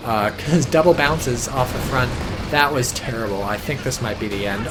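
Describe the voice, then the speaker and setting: Man, game caster, casual and sardonic, excited outbursts, noisy recording. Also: medium pitch, moderate pace. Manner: chatty, sardonic, frequent swearing and sudden excited outbursts. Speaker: game commentator. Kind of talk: casual casting of a strategy game. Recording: noticeable background noise.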